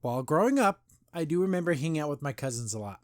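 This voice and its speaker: Speaking quickly with a fairly high voice and big swings in pitch, this podcast host is a young man from the United States raised in Las Vegas. His review is laid-back and full of opinions, often sarcastic, and keeps wandering off with restarts and repeated words. The studio-quality audio is dry.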